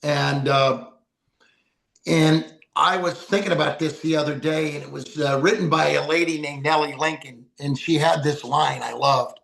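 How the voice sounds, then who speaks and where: A man's voice: a little high, steady tone, normal speed, creaky, fairly bright tone. An older man, a podcast guest, telling folksy, heartfelt stories and reciting poems. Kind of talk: storytelling interview.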